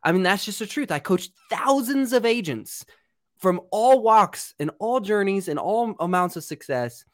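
A man's voice: high voice, lively intonation, measured pace, a bit bright, no echo. Emphatic male real estate coach, dry sound. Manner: bold, emphatic, explaining. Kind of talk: podcast interview.

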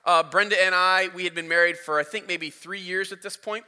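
A man in his thirties preaching a sermon as a pastor, telling a story in an animated way, his voice rising as it builds. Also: high-pitched, a little fast, clear, resonant tone. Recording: reverberant hall.

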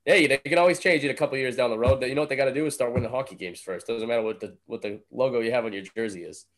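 A man's voice: mid-range voice, very fast, fairly bright tone. A man co-hosting a casual sports talk show, laying out firm opinions in an argumentative way. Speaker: podcast co-host.

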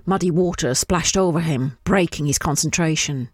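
A woman reading her own fiction aloud in a measured, descriptive way. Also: low voice, a little mellow, slightly rough, no echo, clean studio sound.

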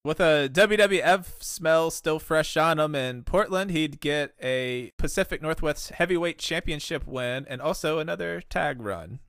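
A man's voice: on the high side, measured pace, few pauses, fairly bright tone, no room sound. A man hosting a podcast, reading semi-scripted recap notes with dry jokes mixed in.

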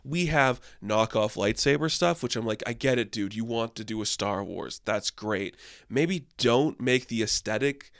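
A man's voice: mid-range voice, moderate pace, creaky, no echo, studio quality. A young man giving a casual, sarcastic movie review, rambling and exasperated, with lots of filler words.

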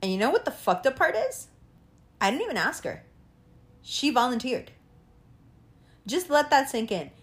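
A young woman hosting a casual monologue, profane and animated, often laughing and asking rhetorical questions. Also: high-pitched, moderate pace, pauses often.

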